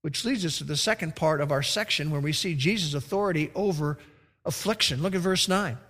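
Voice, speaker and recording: High pitched guy preaching, gets loud then goes real quiet, church hall echo. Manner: swings from loud emphatic preaching to quiet slow emphasis. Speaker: pastor. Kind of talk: sermon. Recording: long reverb of a large hall.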